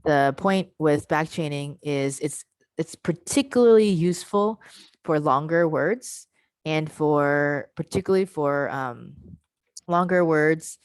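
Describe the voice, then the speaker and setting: Low-voiced woman leading a teacher workshop. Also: clean tone, dry recording. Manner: explains step by step, modeling sounds slowly and checking in with "right?". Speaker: workshop presenter. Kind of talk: online teacher-training workshop. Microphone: computer mic on a video call.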